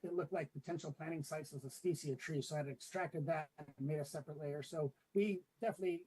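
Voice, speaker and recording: A man presenting his mapping work to a committee in a relaxed, explanatory way, with many fillers. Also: a little high, fast talker, breathy edge, low-quality recording. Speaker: city staff presenting a tree map. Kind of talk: meeting presentation. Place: public meeting room with remote attendees.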